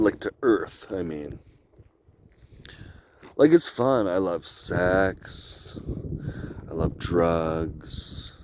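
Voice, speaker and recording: Outdoors on an icy cliff edge, a man delivers a drifting solo monologue to camera in a fairly low, slightly mellow voice, with a bit of hiss or hum on the audio. He rambles, curses a lot, and laughs between ideas.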